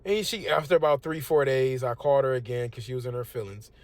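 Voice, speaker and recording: A man's voice: medium pitch, quick pace, darkish tone, no room sound. A young man, preaching in a casual, emphatic and conversational way. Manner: conversational, emphatic, lots of "you know what I'm saying". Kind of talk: casual street-preaching talk.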